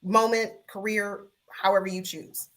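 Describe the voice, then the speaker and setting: A woman on a video call, a podcast guest in casual sports talk, measured and lawyerly, repeating her points. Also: mid-range voice, little pitch movement, fairly bright tone.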